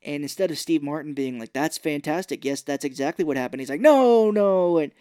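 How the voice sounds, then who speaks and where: A podcast co-host in a casual movie recap chat, retelling scenes and acting out the characters' lines in quick put-on voices. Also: mid-range voice, steady tone, a little mellow, no room sound, studio quality.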